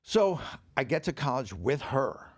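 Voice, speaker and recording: A man guesting on a podcast, telling anecdotes in an animated, profane way and acting out the people in them. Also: medium pitch, a little slow, slightly rough. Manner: animated, profane storyteller who acts out quoted dialogue. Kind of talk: anecdotal storytelling. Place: podcast stage.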